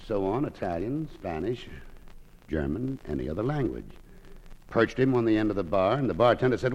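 A man telling a joke as a guest storyteller, lively and animated, on an old radio broadcast. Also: lowish voice, brisk, poor audio.

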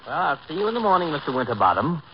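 Huffy, acid-tongued doctor. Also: male voice, on the high side, sing-song, rapid-fire, highs cut off. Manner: acid, indignant put-downs. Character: sharp-tongued, huffy small-town doctor. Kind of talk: 1940s radio comedy acting. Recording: hissy old radio broadcast recording.

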